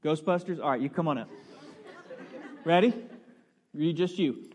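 Man preaching in a big church, high voice with long reverb, playful and coaxing the crowd. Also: normal speed, pauses often. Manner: playful, coaxing the congregation, building to loud bursts. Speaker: pastor. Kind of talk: sermon with audience participation. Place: large church sanctuary.

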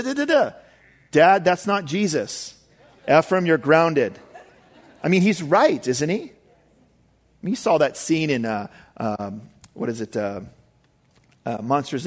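A middle-aged man preaching a sermon as pastor, casual and conversational, with frequent asides to the congregation. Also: on the high side.

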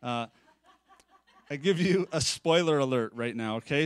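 A man preaching a conversational sermon at a live-streamed church service. He is animated and chatty, with self-deprecating asides. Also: fairly high pitch, moderate pace, clear, resonant tone, no echo. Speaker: pastor.

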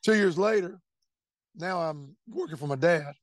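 A man's voice: high-pitched, measured pace, no echo. A middle-aged man, earnestly telling his faith testimony and repeating words as he goes. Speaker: testimony speaker. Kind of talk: personal testimony storytelling.

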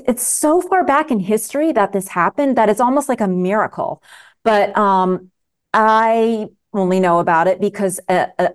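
A middle-aged woman physician, medium in pitch, appears as a guest in a casual interview. She speaks emphatically and passionately, often restarting her sentences.

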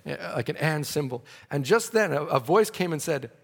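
A man's voice: on the high side, lively intonation, moderate pace, gravelly, big-room sound. A man preaching a sermon, telling a story dramatically and breaking into praise.

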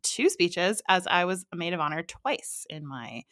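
A woman hosting a wedding podcast in casual chat, lively and playful, quick to laugh. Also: fairly low pitch, dry recording, studio quality. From Canada. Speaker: podcast host.

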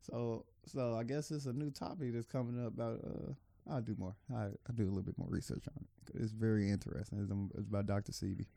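A man's voice: lowish voice, steady tone, quick pace, gravelly, hardly any pauses, dark tone, no echo. A man co-hosting a podcast in casual chat, swearing freely, laughing often and restarting his sentences. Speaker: podcast co-host.

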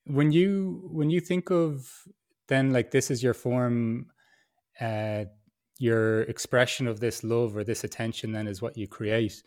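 A man's voice: medium pitch, steady tone, measured pace, darkish tone. A man hosting a podcast interview, who talks thoughtfully and searches for his words as he goes. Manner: thoughtful, searching, hesitant phrasing. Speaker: podcast host. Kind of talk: interview conversation.

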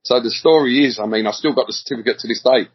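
A man's voice: mid-range voice, fast talker, husky. A middle-aged man from England, telling stories as a podcast guest in a rambling, slangy way, often repeating words. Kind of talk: casual storytelling interview. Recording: dull lo-fi audio.

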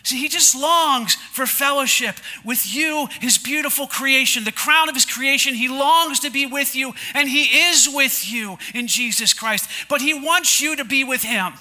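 Very high, bright-voiced male preacher. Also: unhurried, hardly any pauses. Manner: emphatic, repetitive, calls the congregation to repeat after him. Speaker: pastor. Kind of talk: sermon. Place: church sanctuary before a congregation.

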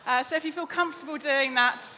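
Bright high-voiced woman preaching. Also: fast talker, slight background noise. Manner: lively, chatty, jokes with the congregation. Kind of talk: sermon. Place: church auditorium.

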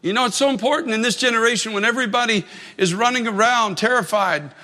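High, bright-voiced preacher man in a reverberant hall. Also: fast talker. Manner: earnest storytelling preacher, repeating phrases for emphasis. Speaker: pastor. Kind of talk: sermon.

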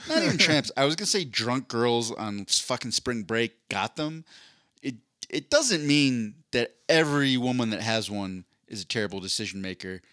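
A man's voice: mid-range voice, lively intonation, moderate pace, fairly bright tone, no room sound, studio quality. A man co-hosting a casual podcast, joking around and slipping into silly voices when he quotes people. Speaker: podcast co-host.

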